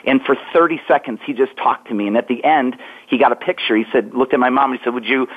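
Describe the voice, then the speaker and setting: A man in his forties, a guest author, telling a story in an earnest, reflective way and slowing down for emphasis. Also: mid-range voice, husky. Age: 40s. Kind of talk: storytelling interview answer. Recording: tinny phone line.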